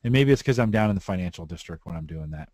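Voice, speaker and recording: A man from the San Francisco Bay Area hosting a podcast, talking in a relaxed, rambling way. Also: low voice, very fast, no echo. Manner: relaxed, rambling, frequent restarts. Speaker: podcast host. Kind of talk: casual chat.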